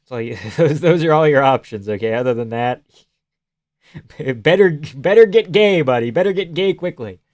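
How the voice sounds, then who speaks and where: A man's voice: fairly high pitch, expressive, normal speed, a little mellow. Man joking through a live stream. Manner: joking, reads viewer messages aloud, trails into near-whispers. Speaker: live stream host reading chat. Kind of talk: casual live stream chat.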